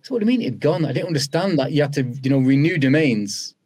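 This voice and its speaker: Talking fast with a slightly high, breathy-edged voice, a British former footballer guesting on a podcast recounts his experiences in a lively, chatty way, performing the quoted lines himself.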